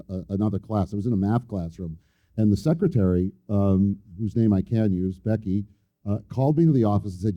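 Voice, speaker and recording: A middle-aged man, a school principal, telling a personal story in a halting way, with many ums and restarts, and acting out the dialogue. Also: fairly low pitch, warm tone, no room sound, lo-fi sound. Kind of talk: personal storytelling on a local TV panel.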